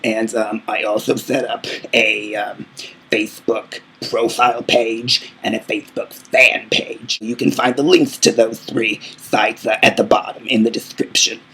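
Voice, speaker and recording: A man plays a grand, aging female singing diva in a comedy vlog, boasting and purring "darling" at everyone. The voice sits on the low side with a bright, forceful edge and plenty of gravelly fry. Her manner is theatrical and full of herself. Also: little pitch movement, a little slow, full character voice, rough recording. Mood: self-important. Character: vain aging female diva singer, grandly self-adoring. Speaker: channel host answering fan questions.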